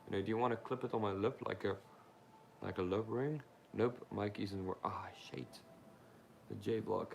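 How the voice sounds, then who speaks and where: Young male streamer, lowish gravelly voice, loose rambling chat full of fillers, talks straight to his viewers. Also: moderate pace, slight background noise. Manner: rambling and informal, with frequent fillers; talks straight to viewers, asking them questions. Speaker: YouTuber hosting a live Q&A. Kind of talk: casual livestream chat, answering viewer comments.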